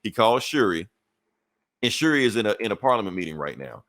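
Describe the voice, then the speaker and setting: A man's voice: fairly low pitch, very animated, brisk, a bit bright, no room sound. A man reviewing a comic book in a casual, profane way, chuckling between points as he retells the story.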